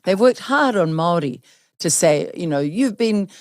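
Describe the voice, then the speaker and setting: A woman's voice: on the low side, animated, moderate pace, no room sound, studio quality. A New Zealand woman hosting an interview, talking in an earnest, emphatic way and asking her guests to agree. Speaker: host. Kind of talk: conversational interview.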